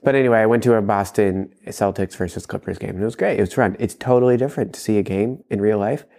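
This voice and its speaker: A man's voice: lowish voice, quick pace, gravelly, warm tone. A young adult man co-hosting a casual chat podcast, telling rambling stories and laughing often. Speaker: podcast co-host.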